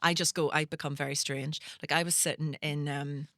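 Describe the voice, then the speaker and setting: A woman's voice: low-pitched, a little fast, no echo, clean studio sound. A Northern Irish woman, a comedian hosting a podcast, telling comic stories in casual chat and acting out the people in them. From Northern Ireland. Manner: animated storyteller acting out voices, swears freely.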